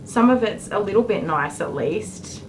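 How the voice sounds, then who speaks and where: A woman's voice: medium pitch, animated, normal speed, noisy background. An Australian woman working as a dog groomer on a live stream. She jokes with viewers and soothes the dog with baby talk.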